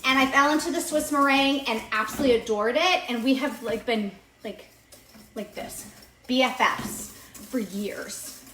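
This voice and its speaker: Bubbly high-voiced woman baking live. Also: normal speed, fairly bright tone, roomy sound, slight background noise, poor audio. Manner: chatty and enthusiastic, answers viewers' comments. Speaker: home baking instructor. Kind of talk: live-streamed baking demo. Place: home kitchen. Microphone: on-camera mic, moved around the kitchen. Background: mixer and kitchen clatter.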